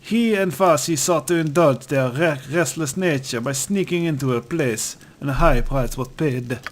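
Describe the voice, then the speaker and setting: A timid little boy with a strange accent stumbles over his words as he pleads, voiced by a man in a game let's-play. His voice sits high and tight. A soft hum of room ambience sits behind him. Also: normal speed, lightly acted. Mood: remorseful. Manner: stammering, pleading. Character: nervous young boy with odd accent.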